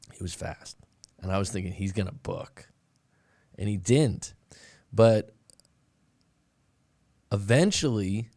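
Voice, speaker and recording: A man's voice: lowish voice, creaky, darkish tone, dry recording. A man hosting a breakup coaching podcast, chatting casually with his live audience and telling a rambling story full of restarts, calling listeners "boss man.".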